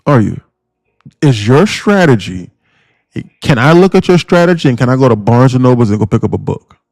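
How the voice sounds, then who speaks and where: A man giving live day-trading commentary on a stream, talking in an animated, emphatic way that keeps repeating and restarting phrases. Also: mid-range voice, fairly quick, creaky, no room sound, clean studio sound.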